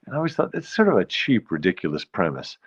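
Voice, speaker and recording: Deep bronx guy w new york accent rambling on his live stream, lots of swing in his voice, kinda muffled audio. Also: wildly swooping pitch, fast, slightly rough. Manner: rambling, musing, greets viewers. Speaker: host. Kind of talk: casual live-stream chat.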